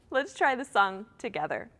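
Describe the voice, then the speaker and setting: High-voiced woman leading toddler storytime. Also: in a large hall. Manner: sing-song, encouraging, animated with quacking. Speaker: children's librarian. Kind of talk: storytime songs and talk for toddlers. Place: library storytime livestream.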